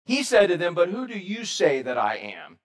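High-voiced, animated preacher man. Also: normal speed. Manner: lively, animated preaching with acted quotes and audience questions. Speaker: pastor. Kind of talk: sermon.

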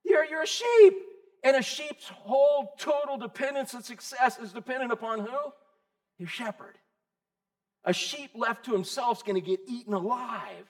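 A man with a high voice preaches in church. He talks lively and casually and keeps calling out questions to his listeners. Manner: lively, calls out to the congregation with questions. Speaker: pastor. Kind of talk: sermon.

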